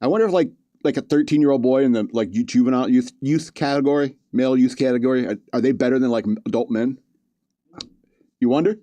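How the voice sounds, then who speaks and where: A man's voice: medium pitch, fast talker, warm tone, dry recording. A man hosting a podcast, reading news stories aloud with joking asides and frequent chuckles. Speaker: podcast host. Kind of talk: casual comedic commentary.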